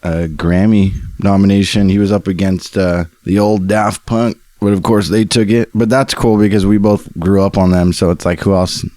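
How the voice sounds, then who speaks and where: A man's voice: low voice, steady tone, normal speed, few pauses, warm tone, no echo. A man in his twenties from Australia, a musician guest chatting casually in an interview, laid-back and jokey. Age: 20s. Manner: laid-back, jokey, says dude and bro.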